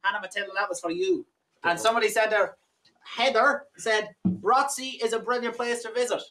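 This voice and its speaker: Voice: medium pitch, fairly even intonation, brisk, fairly bright tone. An Irish folk band frontperson chatting and joking with the audience between songs during a live performance. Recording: distant mic with guitar music.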